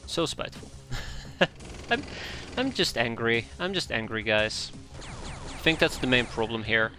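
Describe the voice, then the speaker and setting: A man commentating his live gameplay stream in a bright, forceful voice, complaining aloud and repeating himself. His pitch shoots up sharply when things go wrong, with quiet game music under him. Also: sing-song, measured pace. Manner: exasperated, complains aloud, voice jumps high when upset.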